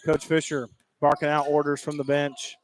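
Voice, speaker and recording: Excitable high school basketball play-by-play man. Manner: rapid, excitable calls that rise on big plays. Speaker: play-by-play announcer.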